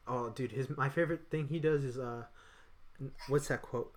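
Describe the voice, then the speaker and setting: A man's voice: mid-range voice, normal speed. A man co-hosting a casual podcast, rambling loosely with frequent restarts. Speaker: podcast co-host. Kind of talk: casual chat.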